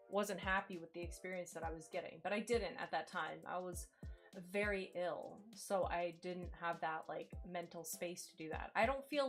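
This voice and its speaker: A woman chatting candidly with her live-stream viewers while playing a game, filling her talk with "like". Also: fairly low pitch. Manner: chatty and candid, fillers like "like" everywhere, greets chat. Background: faint game music.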